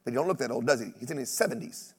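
A man preaching a sermon, telling stories with humor, mimicking other preachers and breaking into shouted exclamations. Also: medium pitch, very fast, breathy edge, long reverb tail. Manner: animated storytelling with shouted exclamations.

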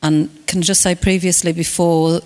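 A woman's voice: fairly low pitch, level tone, normal speed, a little mellow, in a large hall. A woman with a Mancunian accent giving a nervous, hesitant personal testimony in church. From Manchester, England. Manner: nervous, hesitant, with fillers and restarts. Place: church hall.

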